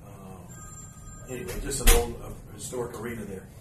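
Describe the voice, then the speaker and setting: A man hosting a podcast in front of live fans, telling an anecdote in an animated way and chuckling as he acts out the scenes. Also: on the low side, brisk, loud music behind the voice. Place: live event room with an audience. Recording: roomy, distant live recording with ambient noise.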